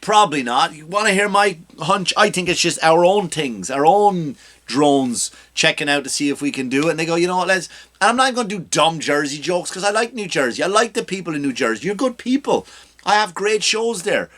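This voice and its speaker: A man's voice: on the high side, expressive, brisk, a bit bright. A male comedian hosting his own podcast, delivering a ranting, self-mocking comedic monologue.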